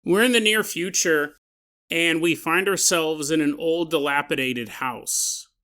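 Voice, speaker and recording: Bright-voiced male podcast storyteller. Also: on the high side, unhurried. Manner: animated, joking, acts out scenes. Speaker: podcast host.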